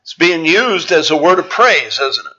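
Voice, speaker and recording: A man preaching a Bible teaching sermon in a measured, explanatory way, pausing often with "uh". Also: on the high side, very animated, pushed and bright, breathy edge, muffled recording. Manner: measured, explanatory, with frequent "uh" pauses.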